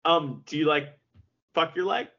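A man co-hosting a podcast, chatting casually about wrestling, excitable, swearing and laughing often. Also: on the high side, a little slow, dull audio. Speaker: podcast co-host.

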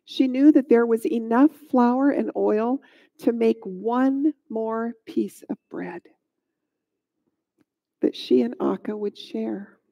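A woman narrating a Bible story in a gentle, measured storytelling way, on a dull lo-fi recording. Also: fairly high pitch, gravelly.

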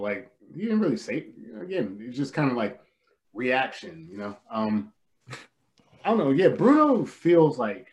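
A man co-hosting a relaxed film podcast. He rambles and hesitates as he goes, restarting his thoughts. His voice sits at an ordinary middle pitch. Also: dull audio. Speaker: podcast co-host. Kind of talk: casual film discussion.

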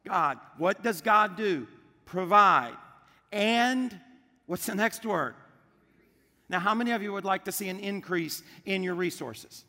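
A pastor preaches in a bright, high voice, firing questions at the congregation and answering them himself with emphasis. His words ring with the long reverb of a large church hall. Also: animated, measured pace. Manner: emphatic call-and-response preaching. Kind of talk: sermon.

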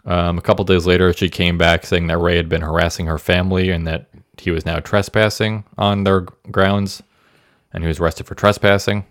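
A man's voice: low voice, level tone, a little fast, a bit bright, dry recording, studio quality. A man co-hosting a podcast, casually recounting a true-crime story and often stumbling over his words with self-deprecating asides. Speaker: podcast co-host. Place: Indiana.

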